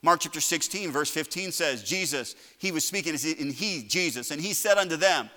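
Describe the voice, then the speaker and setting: A male preacher with a bright, ringing voice pitched a little high. His passionate sermon climbs to loud shouts and then drops into quiet asides. His voice carries the long echo of a large hall. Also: animated, moderate pace. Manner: impassioned preaching, rising to shouts then dropping low. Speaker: pastor.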